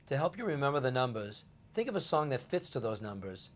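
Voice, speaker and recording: A man co-hosting a short scripted language lesson, explaining points in a steady way. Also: mid-range voice, quick pace, muffled recording. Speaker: language teacher co-host.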